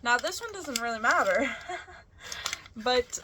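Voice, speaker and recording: A woman's voice: a little high, expressive, takes it slowly, background noise. A young adult woman chatting casually in a reading vlog, rambling and correcting herself as she goes. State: out of breath. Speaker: book vlogger.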